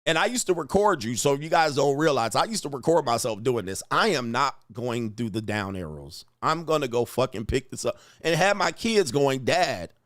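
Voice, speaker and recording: A middle-aged man hosting a livestream, ranting in a profane, animated way with slang and frequent laughs. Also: mid-range voice, normal speed, few pauses, no room sound, clean studio sound. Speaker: livestream host answering superchats. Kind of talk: casual livestream rant.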